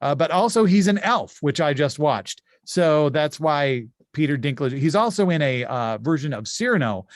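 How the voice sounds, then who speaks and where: A man hosting an improvised insult game from home over a video call, chatty, with quick asides and frequent laughs. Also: fairly high pitch, lively intonation, dry recording, clean studio sound. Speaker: game show host.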